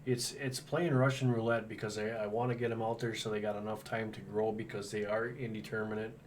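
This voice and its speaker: Low-voiced man chatting from a distance. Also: little pitch movement, a little fast. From Wisconsin. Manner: easygoing, rambling with fillers. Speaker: homestead channel host. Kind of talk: casual livestream chat. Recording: distant mic with faint background noise.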